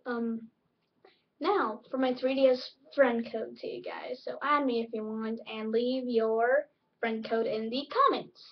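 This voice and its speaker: A woman's voice: on the high side, steady tone, a little slow, far from the mic, lo-fi sound. A woman hosting a casual home vlog, chatty and rambling. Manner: rambling, chatty, filler-heavy. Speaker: vlog host.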